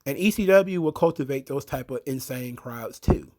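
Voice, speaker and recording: A man's voice: mid-range voice, animated, moderate pace, darkish tone. A man giving a blunt, opinionated, rambling commentary monologue as a show host.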